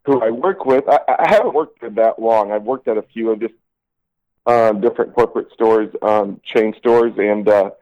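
A man's voice: medium pitch, a little mellow, dull audio. Male caller, rambling storyteller, radio broadcast sound. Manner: rambling, repeats "sure enough", acts out quotes. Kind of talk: casual storytelling.

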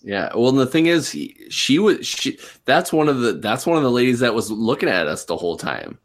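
A man's voice: mid-range voice, big pitch swings, fairly quick. A man playing a tabletop game, laid-back and jokey. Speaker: player. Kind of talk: casual tabletop role-play chat.

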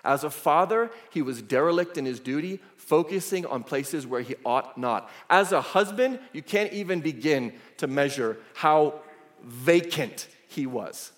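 A man's voice: a little high, measured pace. Man preaching in an echoey church. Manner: animated storytelling with casual asides. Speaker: pastor. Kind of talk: sermon. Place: church sanctuary.

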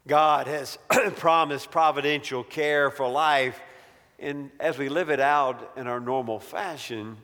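Man, preacher, sermon, slow and emphatic, reverberant church hall. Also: on the high side, a bit bright. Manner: storytelling, measured, emphatic.

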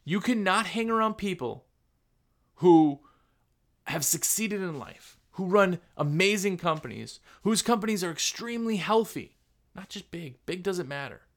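A man's voice: high voice, animated, measured pace. A man hosting a podcast, giving a casual motivational talk and acting out other people's voices. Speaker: podcast host.

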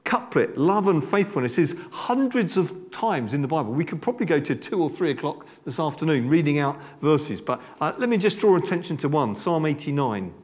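Animated older preacher in a reverberant hall. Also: male voice, a little high, a little fast, hardly any pauses. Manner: animated, emphatic, with frequent repeated words and asides. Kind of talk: sermon. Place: church hall.

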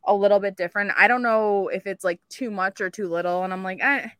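A woman co-hosting a casual podcast, telling an animated story full of "like" and the odd swear word. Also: mid-range voice, fast, clear, resonant tone, no echo, studio quality. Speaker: podcast co-host. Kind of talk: casual chat.

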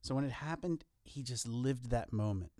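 A man's voice: mid-range voice, moderate pace, mellow, no echo, studio quality. A man co-hosting a podcast, talking earnestly in a casual motivational way with wry self-deprecating jokes. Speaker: podcast co-host.

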